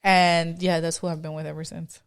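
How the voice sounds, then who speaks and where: A young mother co-hosting a podcast, chatting in a relaxed, filler-heavy way and asking questions. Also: deep voice, moderate pace, clear, resonant tone. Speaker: podcast co-host. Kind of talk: casual chat.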